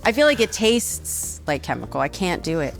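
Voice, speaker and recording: A woman from Texas talks in a relaxed, laughing way as a guest over a meal. Her voice sits a little low for a woman. Soft guitar music plays faintly underneath. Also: normal speed, vocal fry. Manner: chatty and animated, laughs often. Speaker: guest, voice actress. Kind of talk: casual interview over a meal. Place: studio kitchen.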